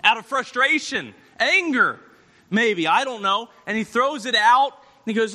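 High, bright preacher in a reverberant hall. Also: male voice, expressive, a little slow. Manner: acts out Bible characters with shifting voices, shouting at peaks. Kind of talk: animated sermon storytelling.

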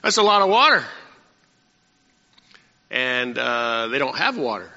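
A man's voice: mid-range voice, sing-song, a little slow, sharp tone. A man preaching a Bible-study sermon in a conversational way, asking the congregation questions as he goes. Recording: muffled sound with long hall reverb.

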